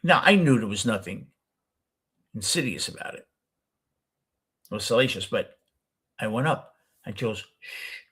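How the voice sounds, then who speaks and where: A man's voice: on the low side, animated, normal speed, pauses often, a bit bright, slightly rough. An older man with a New York accent, telling a rambling personal story as the host of a casual talk show. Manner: rambling, self-correcting storyteller.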